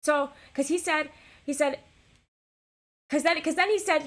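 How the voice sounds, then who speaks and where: A woman talks to her live stream audience in a loose, animated storytelling style. Her voice is bright and sharp, and she swears without a second thought. She stumbles through restarts as she talks. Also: high-pitched, normal speed, pauses often.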